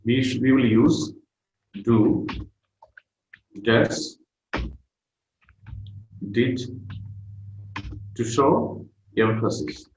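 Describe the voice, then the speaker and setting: A man giving an online grammar lesson, speaking slowly and repeating key phrases with pauses. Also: mid-range voice, a little mellow, muffled recording. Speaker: grammar teacher. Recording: roomy echo with faint noise.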